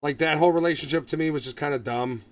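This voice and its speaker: Man, podcast host, casual movie review, profane, animated, distant mic. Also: on the high side, fast. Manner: profane, animated, acts out quotes.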